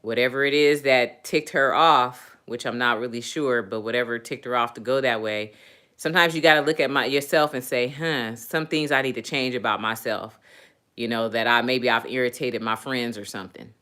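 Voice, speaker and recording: A woman hosting a casual livestream, reading chat comments aloud and laughing loudly between remarks. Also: rumbling low, normal speed. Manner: loud laughing, playful, animated. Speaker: livestream host.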